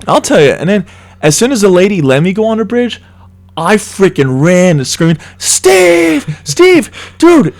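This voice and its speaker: A young man co-hosting a casual chat, excitedly retelling a scary trip with lots of swearing. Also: high-pitched, moderate pace. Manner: excited, swears a lot, animated storytelling. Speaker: co-host.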